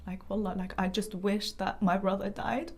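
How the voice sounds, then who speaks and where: A woman's voice: medium pitch, fairly even intonation, moderate pace, husky. A young woman giving a personal testimony as a podcast guest, talking earnestly and rambling with many fillers.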